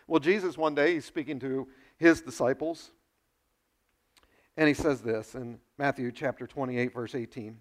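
A man preaching a sermon, animated, with quick asides to his listeners and acted quotes. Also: medium pitch. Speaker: pastor.

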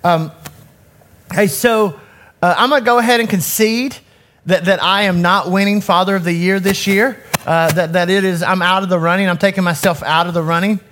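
With a high, somewhat bright voice, a steady tone and a moderate pace, a man in his forties gives a frank, self-critical talk to an audience. He directs a youth ministry, speaks into a handheld mic, and regularly restarts his sentences.

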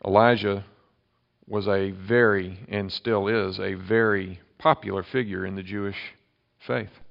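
A man preaching a sermon, emphatic, with sharp swings between loud and quiet. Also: fairly low pitch, fairly even intonation, unhurried, creaky, dull audio. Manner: emphatic preaching with dramatic shifts in loudness. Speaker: pastor.

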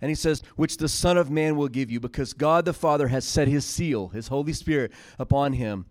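A man's voice: mid-range voice, brisk, a little mellow, no room sound. A man preaching a sermon, retelling scripture in casual paraphrase and building to emphatic peaks.

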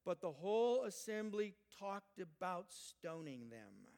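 An older man, a grandfather, preaching a sermon; he speaks emphatically, rising loud when voicing people and dropping soft for reflective asides. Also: high-pitched, very animated, unhurried, gravelly. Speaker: pastor.

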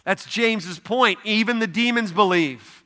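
A man's voice: sits high, a little slow, bright, forceful tone. A man preaching a sermon as pastor, conversational and emphatic, asking his congregation questions. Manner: emphatic, repeats "no, no, no".

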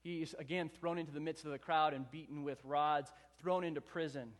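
A man's voice: fairly high pitch, fairly even intonation, brisk, hardly any pauses, in a large hall. A pastor in his thirties preaching a sermon, telling stories earnestly and building emphasis through repeated phrases. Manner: earnest storytelling, rising emphatic repetition.

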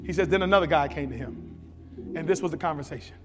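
A man preaching a sermon, telling stories with big shouts and sound effects. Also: a little high, fast, big-room sound. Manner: animated storytelling, shouting at peaks, sound effects. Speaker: pastor.

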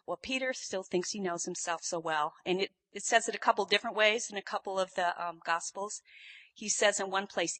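Bright-voiced woman preaching a sermon. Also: mid-range voice, a little fast. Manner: animated storytelling, acting out quotes with sudden loud bursts.

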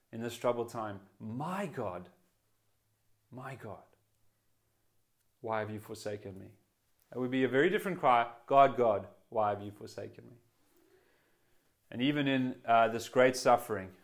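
A man preaching a sermon in an earnest way, lifting his voice for quoted prayers and dropping soft at quiet moments. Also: mid-range voice.

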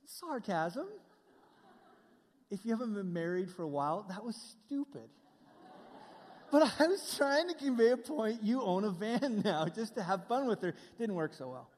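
A man's voice: sits high, lively intonation, moderate pace, a little mellow, long reverb tail. A middle-aged male pastor preaching a sermon in a conversational way, with asides to the congregation.

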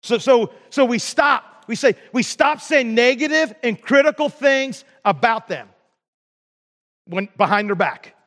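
High-voiced pastor preaching in a reverberant hall. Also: male voice, expressive, measured pace, fairly bright tone. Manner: storytelling, asks the congregation questions. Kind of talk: sermon.

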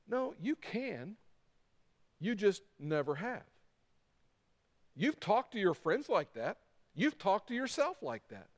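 Middle-aged guy pastor preaching, lots of repeating for punch, high voice, big echoey hall. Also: sing-song, normal speed. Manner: preaching with emphatic repetition and acted quotes. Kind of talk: sermon. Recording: long reverb of a large hall.

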